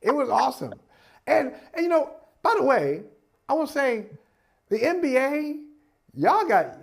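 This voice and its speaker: A man hosting a sports talk show in a casual, animated debate, often repeating phrases as he builds a point. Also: very high-pitched, measured pace, creaky.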